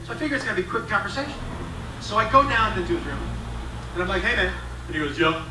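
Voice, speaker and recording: A man's voice: high-pitched, big pitch swings, very fast. A middle-aged man doing stand-up comedy, telling a profane story and acting out both sides of a dialogue. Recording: roomy, distant stage recording with background noise.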